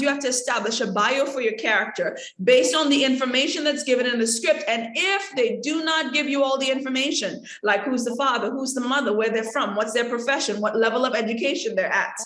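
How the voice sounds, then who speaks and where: A woman with a high, bright-pitched voice leads an acting workshop, answering students' questions. She talks in a lively, hands-on way and acts out little scenes to make her point. Her voice rings in a noticeably echoey room. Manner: lively, acts out examples with laughter. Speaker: acting teacher.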